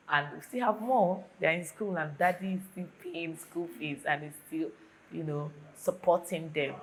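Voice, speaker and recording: A young woman with a Nigerian accent talking earnestly and warmly to her viewers in a casual vlog. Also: low voice, a little hiss or hum, rough recording. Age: young adult. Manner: earnest and warm toward viewers, heartfelt. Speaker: vlogger.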